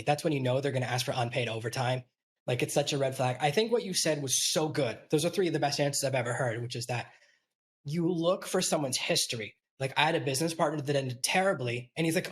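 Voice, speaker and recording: A man hosting a podcast conversation, his voice sitting a little higher than most men's. He tells quick anecdotes and slips into the voices of the people he quotes. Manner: storytelling, acts out quoted voices. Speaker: podcast host. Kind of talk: casual interview chat.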